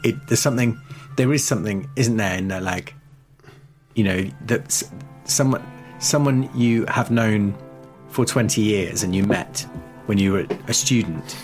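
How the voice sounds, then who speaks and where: A man's voice: fairly low pitch, normal speed. A man playing a tabletop game, talking thoughtfully and hesitantly. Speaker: player. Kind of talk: casual game table chat. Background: background music.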